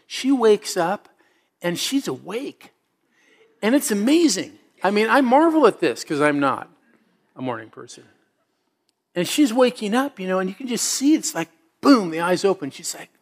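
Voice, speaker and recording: A middle-aged man preaching a sermon as a pastor, telling stories in a conversational way and building to emphatic exhortations. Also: high voice.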